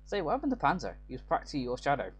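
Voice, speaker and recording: A man voicing a harsh, gruff older male dwarf guardian in a mock Celtic brogue, stern and scolding. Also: fairly high pitch, huge pitch swings, racing, voice pushed up, exaggerated voice. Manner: stern, scolding, then pleading.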